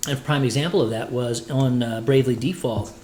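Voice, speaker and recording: A man's voice: medium pitch, fairly quick, darkish tone, roomy sound, slight background noise, low-quality recording. A man, a voice actor, chatting playfully with viewers while cooking on a livestream. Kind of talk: casual cooking livestream chat.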